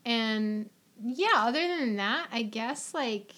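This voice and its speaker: A young woman hosts a podcast with a slightly high voice. She chats casually and rambles playfully, often breaking into giggles. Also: animated, takes it slowly, a bit bright. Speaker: podcast host. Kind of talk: casual chat.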